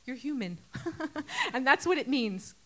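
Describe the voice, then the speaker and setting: An earnest woman delivering a sermon. She talks conversationally, asks her listeners rhetorical questions, and her voice sits a little on the higher side. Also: very animated, a little slow, sharp tone. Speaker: preacher.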